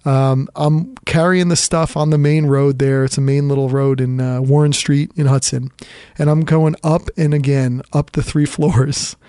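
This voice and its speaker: Hosting a podcast while a bit under the weather with a cough, this man delivers a long, casual storytelling monologue full of fillers, restarts, rambling and self-deprecation. His fairly high voice is level, mellow, clear and resonant at normal speed, captured in a dry, clean studio.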